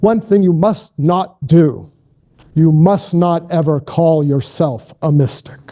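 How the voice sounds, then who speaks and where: Man imitating an older English theologian, kindly, firm, fairly high, very mellow. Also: takes it slowly. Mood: firm, encouraging. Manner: attempting a Mancunian accent, admits he can't. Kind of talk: quoted anecdote in a keynote talk.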